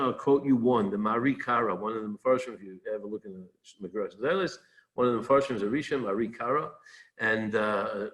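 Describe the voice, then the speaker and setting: A male rabbi gives a loose, conversational Torah talk at a middling pitch. He searches for words as he goes and circles back on himself. He reads short Hebrew phrases and then unpacks them in everyday speech. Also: a bit bright, poor audio.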